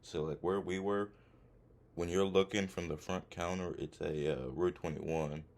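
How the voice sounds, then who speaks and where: A young man with a very low voice tells stories on his podcast. He talks in a relaxed, slangy way and laughs now and then as the stories unfold. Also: measured pace. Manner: laid-back, laughs while telling, slangy phrasing. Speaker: podcast host. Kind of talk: casual storytelling.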